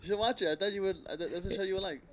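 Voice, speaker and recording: A young man in casual chat, giving quick, opinionated comments. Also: high-pitched.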